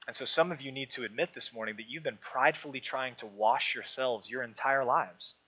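A man's voice: moderate pace, husky. Emphatic preaching man, dull lo-fi sound. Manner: emphatic preaching, dropping to soft low asides. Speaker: pastor. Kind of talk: sermon. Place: church.

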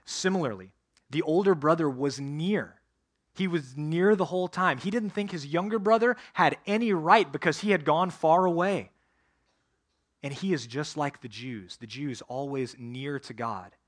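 A male pastor delivering a sermon with a fairly high voice. He speaks earnestly and turns straight to his listeners as he preaches. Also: moderate pace. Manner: earnest, addresses congregation directly.

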